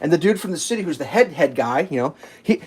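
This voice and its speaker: An exasperated live streamer telling a long, profane story at home. The delivery is animated and ranting, with a very lively pitch that rises and dips constantly, in a middle register. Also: fast, breathy edge.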